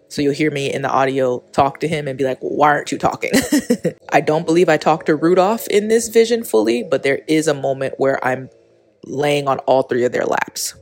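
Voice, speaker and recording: A woman in her thirties hosting her own podcast, talking candidly and rambling with many fillers, recorded on a phone outdoors. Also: extremely low pitch. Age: 30s. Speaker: podcast host. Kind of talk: casual spoken intro and monologue. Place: outdoors on a walk or in a park.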